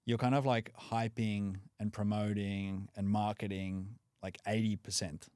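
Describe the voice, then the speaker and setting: A man's voice: fairly low pitch, a little slow, clean tone, no room sound, studio quality. A man from Australia, a podcast guest, chatting casually with lots of "like" and "you know". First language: English. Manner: relaxed, frequent "like" and "you know" fillers. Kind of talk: casual conversation.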